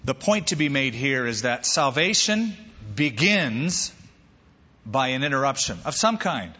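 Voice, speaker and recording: A man preaching a sermon as pastor, lively and animated, acting out quoted voices. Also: mid-range voice, measured pace, husky, big-room sound, lo-fi sound.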